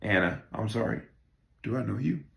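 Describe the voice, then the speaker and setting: A man cold-reading a play, voicing a polite, guarded young woman who speaks in a hesitant, measured way. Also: on the low side, animated, gravelly, fairly bright tone, exaggerated voice. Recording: roomy echo.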